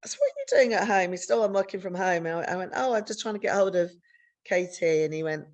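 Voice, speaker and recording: A woman's voice: big pitch swings, quick pace. Middle-aged British woman, podcast co-host, blunt and candid, swears, voices the people in her story. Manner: frank, swears freely, re-enacts dialogue with big pitch jumps.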